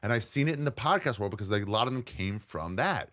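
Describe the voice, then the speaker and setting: A man, a guest comedian, chatting casually on a podcast, swearing freely and acting out what other people said. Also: fast talker. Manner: profane, animated, jumps pitch to act out quotes.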